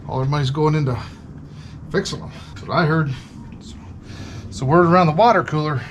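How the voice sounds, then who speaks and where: A man with a somewhat high voice talks casually as he works on a car. He keeps up a stream of playful jokes and asides, with a faint hum of ambience behind him. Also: brisk, lo-fi sound. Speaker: mechanic host. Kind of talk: casual talk while working. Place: garage.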